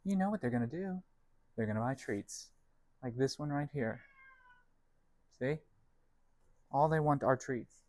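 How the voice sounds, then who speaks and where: A young man chats aimlessly while he bakes in his kitchen, drifting between jokes at his own expense and soft words to his pets. His voice sits at an ordinary middle pitch. The sound is close and dry, with no room echo. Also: a little slow, long pauses. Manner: rambling, self-deprecating, talks to his cats. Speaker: vlog host. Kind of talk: casual cooking vlog chat. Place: home kitchen.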